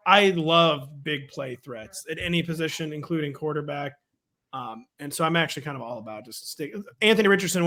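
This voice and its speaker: A man hosting a casual sports chat. He talks quickly and mocks himself, often chuckling in the middle of a sentence. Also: a little high, pushed and bright. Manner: quick, self-mocking, chuckles mid-sentence. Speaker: show host running the draft.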